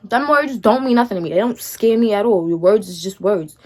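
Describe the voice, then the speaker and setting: Speaking fairly quickly and expressively in a mid-range voice, a young woman shares a personal story with her viewers. Her storytime style is slangy, sassy and dismissive, addressing the camera directly with frequent "feel me?" check-ins.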